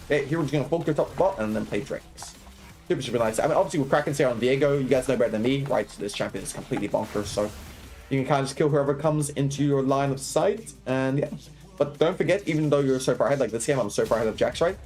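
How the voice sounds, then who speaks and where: With faint music behind him, a young man speaks in a medium-pitched, slightly mellow voice while streaming gameplay. He coaches quickly, explaining each move, tossing in "right?" and "okay?" to check on viewers, and laughing and bantering with chat.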